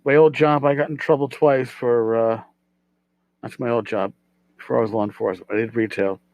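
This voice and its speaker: A man's voice: medium pitch, dry recording, low-quality recording. A middle-aged man hosting a casual solo podcast, rambling and self-deprecating, repeating his words as he goes. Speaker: podcast host.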